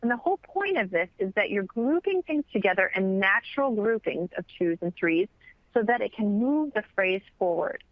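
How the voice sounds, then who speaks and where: A woman teaching chant in an instructional webinar, explaining patiently and clearly. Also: medium pitch, lively intonation, normal speed, dry recording, highs cut off. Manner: clear, patient explaining, sings brief examples.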